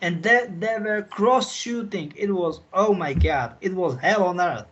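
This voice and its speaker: High voiced guy on a call, slow and emotional, keeps saying sorry. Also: fairly bright tone, dull audio, a little hiss or hum. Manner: emotional, apologetic, repeats himself, non-native phrasing. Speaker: insider guest recounting missions.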